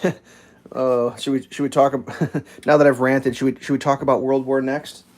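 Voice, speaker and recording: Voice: medium pitch, level tone, moderate pace, darkish tone. A person around forty ranting sarcastically and swearing in casual rambling chat while cooking on a livestream. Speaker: livestream host.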